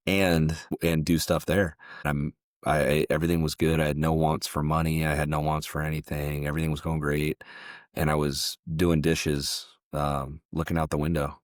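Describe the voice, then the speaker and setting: A man with a very deep voice tells a personal story as a podcast guest. He speaks haltingly and often repeats words as he goes. The mic sound is dry and close, with no room echo. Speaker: podcast guest, jiu-jitsu gym owner.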